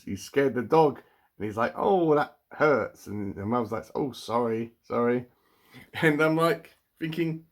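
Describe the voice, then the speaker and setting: Chatty man reviewing a picture book. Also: on the low side. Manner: chatty, mixes reading with wry asides, many "like" fillers. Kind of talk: casual picture-book review read aloud.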